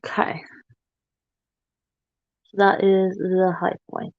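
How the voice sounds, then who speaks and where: A woman's voice: medium pitch, monotone, slow pace, no room sound, narrow, tinny audio. A woman hosting a makeup livestream, chatting casually and teasing herself in playful banter as she works. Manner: playful, self-mocking banter. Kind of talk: casual chat while doing makeup live.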